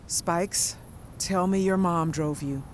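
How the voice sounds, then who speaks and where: A woman's voice: lowish voice, slow, a little hiss or hum. Lily, a woman playing a tense, protective woman. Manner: anxious, blunt, snapping.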